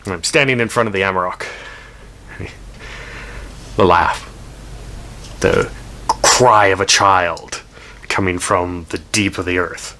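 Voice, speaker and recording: A man with a low, bright, tense voice tells a dramatic first-person story. He swears freely and wanders off into rambling asides. Faint ambient noise sits under his voice. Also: steady tone, slow pace, pauses often. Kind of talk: told story.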